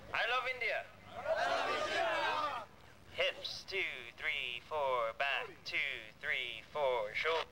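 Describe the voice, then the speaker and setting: Casual male group leader shouting directions outdoors, lively pitch, heavy background noise. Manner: loud, joking, counting out dance moves. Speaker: leader running a band camp skit. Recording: loud outdoor noise, home video.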